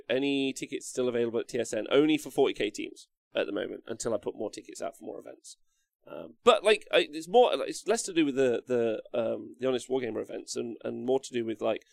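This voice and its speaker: A man's voice: medium pitch, gravelly, a little mellow, no echo. A young man hosting a casual livestream, rambling, reading chat comments aloud and swearing freely. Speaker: livestream host.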